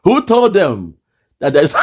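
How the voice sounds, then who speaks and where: A man with a Nigerian accent hosting impassioned online political commentary, fiery and mocking, often breaking into laughter. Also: fairly high pitch.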